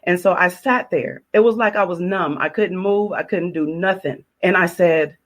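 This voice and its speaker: A woman's voice: lowish voice, normal speed. A woman sharing her personal testimony, telling it with emotion, repeating key phrases and acting out her own prayers.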